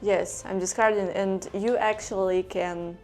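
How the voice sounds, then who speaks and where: A woman playing a tabletop game, speaking haltingly and hesitantly with her opponent. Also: medium pitch, fairly even intonation, darkish tone, soft background music. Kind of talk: casual game-table chat.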